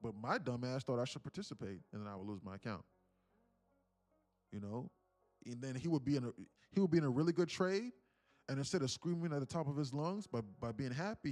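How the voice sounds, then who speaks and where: A man's voice: mid-range voice, lively intonation, fast talker, soft background music. A man hosting a live day-trading stream, chatting casually and rambling, often repeating words as he talks to his viewers. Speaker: day-trading livestream host.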